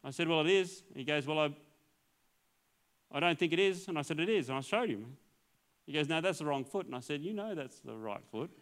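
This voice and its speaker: A man's voice: a little high, animated, fairly quick, a bit bright. A male pastor telling his healing testimony as a sermon, acting out the dialogue in a storytelling way and laughing often.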